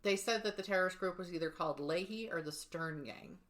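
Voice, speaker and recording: A woman's voice: fairly low pitch, fairly quick. A woman co-hosting a true-crime podcast who chats casually, laughs often and swears. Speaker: podcast co-host.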